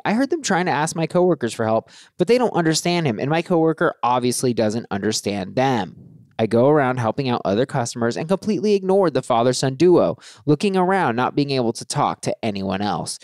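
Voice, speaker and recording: A man's voice: medium pitch, no room sound, studio quality. A man hosting a comedy podcast, joking around and reading listener posts aloud. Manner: joking, reads posts with lively inflection. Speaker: podcast host.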